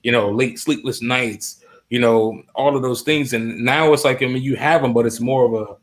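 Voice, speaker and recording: A male host speaking in casual interview talk, halting with many restarts. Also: mid-range voice.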